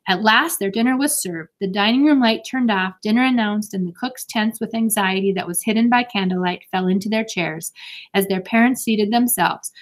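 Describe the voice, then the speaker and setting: A woman's voice: mid-range voice, normal speed. Woman reading a children's storybook aloud. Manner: steady and expressive. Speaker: narrator.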